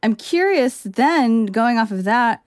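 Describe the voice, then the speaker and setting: A woman hosting an interview, asking measured, thoughtful questions. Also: fairly high pitch, expressive, no echo, studio quality. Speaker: host. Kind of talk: interview conversation.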